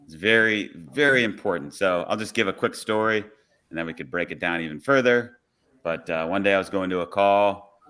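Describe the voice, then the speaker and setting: A man who is a police officer, telling a work story on a podcast in a relaxed, conversational way. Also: low voice, fairly quick, clear, resonant tone.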